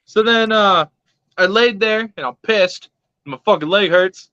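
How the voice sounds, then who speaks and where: Bright-voiced profane young man storytelling. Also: high voice, measured pace, no room sound. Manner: profane, laughing, animated retelling with quoted voices. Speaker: pet vlogger. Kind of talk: casual storytelling. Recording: dull lo-fi sound.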